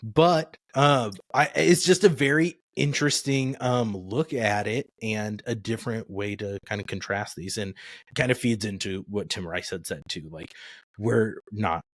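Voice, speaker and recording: A man with a lowish voice chats on a podcast, thinking aloud in a relaxed, filler-heavy way. The sound is dry and close-miked, with no room echo. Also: unhurried. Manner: conversational, filler-heavy with many "like"s. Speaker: podcast co-host. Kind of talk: casual podcast discussion.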